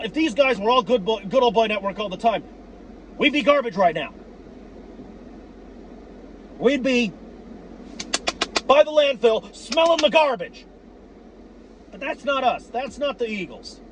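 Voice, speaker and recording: A man giving profane, worked-up fan commentary on his team, repeating himself and breaking into shouts. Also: extremely high pitch, lively intonation, a little slow, long pauses, a little hiss or hum. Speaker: sports fan vlogger.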